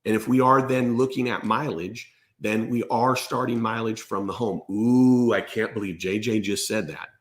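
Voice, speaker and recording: A man's voice: lowish voice, fairly even intonation, normal speed, few pauses. A man giving tax advice straight to the camera, emphatic and blunt, often checking in with "okay?". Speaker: host and accountant.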